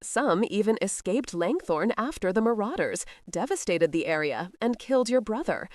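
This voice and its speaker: With a mid-range voice, lively intonation and normal pacing, a woman plays a middle-aged male steward knight who is cowardly and fawning, forever making excuses. The mood is evasive. Her voice sounds natural, recorded in a clean studio with no echo.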